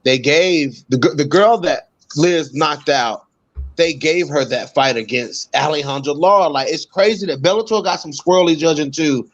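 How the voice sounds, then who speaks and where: A man's voice: on the high side, moderate pace. An easygoing man co-hosts a casual chat about fights, slangy and given to repeating himself. His voice comes through a dull, lo-fi line. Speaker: co-host.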